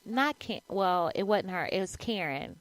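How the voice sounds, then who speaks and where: A woman's voice: fairly low pitch, expressive, a little slow, slight background noise, rough recording. Sassy woman gossiping with a friend. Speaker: podcast co-host. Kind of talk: casual chat.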